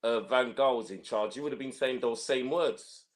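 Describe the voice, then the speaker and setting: A man needles his friends on a football podcast, using a middle pitch. He leans on repeated phrases to drive the point home. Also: normal speed. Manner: teasing, repeats phrases for effect. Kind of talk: casual chat.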